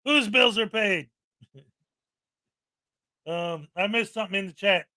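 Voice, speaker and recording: A man co-hosting a live stream in casual chat, joking and mocking, quick to laugh. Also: sits high, pushed and bright.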